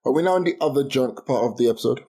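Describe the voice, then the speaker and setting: Young man, podcast co-host, exasperated ranting, mellow warm tone, mid pitch. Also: lively intonation, racing, slightly rough. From United Kingdom. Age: 20s. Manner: exasperated ranting, restarts and laughs. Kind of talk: casual chat.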